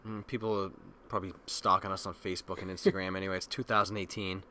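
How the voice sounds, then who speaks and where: Low-voiced joking man, bright tone. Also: flat delivery, fast, a little hiss or hum. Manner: joking, loose, swears casually. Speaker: podcast host. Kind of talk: casual chat.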